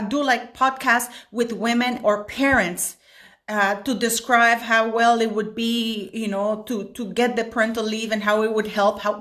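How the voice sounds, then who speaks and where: A woman's voice: a little high, a bit bright. A woman talking straight to her small video camera in a casual opinion vlog. She is chatty and opinionated, and she rambles with many restarts. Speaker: vlogger commenting on celebrity news.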